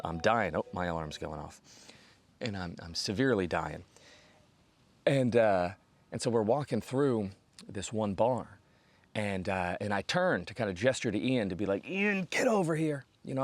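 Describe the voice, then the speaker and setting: Man, American, thirties, lowish voice, comic storyteller, lively impressions. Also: no room sound. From United States. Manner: animated, acts out quoted voices with big pitch jumps. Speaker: comedian host. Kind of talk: storytelling stand-up monologue.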